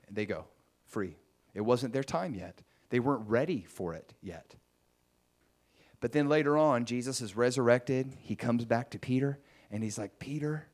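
A man's voice: mid-range voice, normal speed, darkish tone. A man preaching a sermon in a conversational storytelling way, acting out the scenes he tells.

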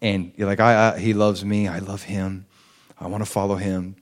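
A man's voice: low voice, little pitch movement, normal speed. A man preaching a sermon in a conversational way, checking in with the congregation and rising to emphatic peaks. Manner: asks the audience for agreement.

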